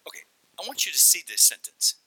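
A man preaching a sermon, telling the story in an animated way and acting out the voices as he goes. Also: quick pace, rough recording. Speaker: pastor.

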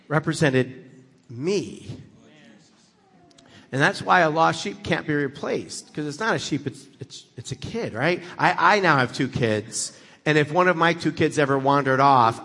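A man's voice: a little high, pushed and bright, in a large hall. A middle-aged man preaching as a guest speaker, conversational and building to emphatic passages. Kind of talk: sermon.

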